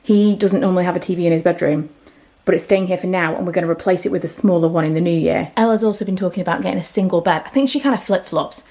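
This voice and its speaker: A woman's voice: fairly low pitch, fast, few pauses, mellow. A woman in her thirties chatting candidly to camera in a home vlog, sometimes dropping to a whisper. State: out of breath. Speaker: vlogger. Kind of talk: casual chat to camera.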